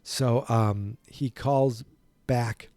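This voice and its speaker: A man's voice: mid-range voice, fairly even intonation, very slow, darkish tone, no room sound. A man hosting a podcast, casually retelling a film from memory in a rambling way. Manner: rambling, full of restarts and impressions. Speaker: podcast host.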